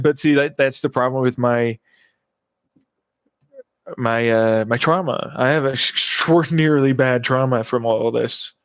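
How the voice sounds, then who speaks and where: A man's voice: mid-range voice, no room sound. A man venting in a rambling, agitated personal monologue, swearing often and circling back over the same points. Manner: agitated, profane, repeating himself. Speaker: vlogger.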